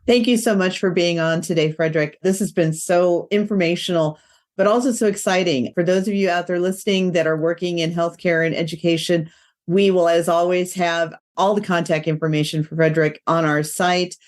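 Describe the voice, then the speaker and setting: A woman's voice: fairly low pitch, steady tone, a little fast, a little mellow. A woman hosting a podcast interview, enthusiastic and chatty, with a slightly nasal voice from allergies. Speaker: podcast host.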